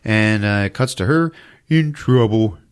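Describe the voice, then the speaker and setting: A man hosting a comedy podcast, recapping a film in an animated way and slipping into character voices. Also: unhurried, clear, resonant tone. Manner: animated storytelling, jumps into squeaky put-on voices for characters. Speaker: podcast host recapping a movie. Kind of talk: comic movie recap.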